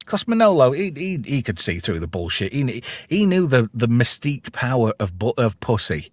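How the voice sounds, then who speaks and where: A man's voice: medium pitch, normal speed, no room sound, clean studio sound. A man hosting a casual film review chat, retelling the plot and quoting lines with gusto. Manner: recaps plot with lively quoted lines and frequent laughs. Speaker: podcast host.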